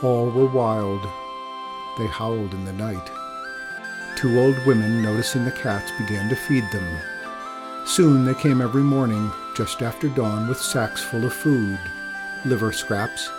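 A man narrating a children's story in a measured, expressive reading. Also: medium pitch, over music.

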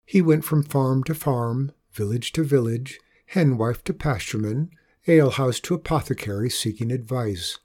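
A man narrating a folk tale in a slow, expressive read-aloud manner. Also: mid-range voice. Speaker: storyteller. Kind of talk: scripted storybook narration.

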